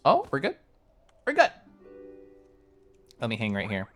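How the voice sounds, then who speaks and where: A streamer casually commenting on a game and reading chat aloud, chatty and excitable, with sudden loud bursts between mumbled asides. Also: medium pitch, measured pace. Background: game music.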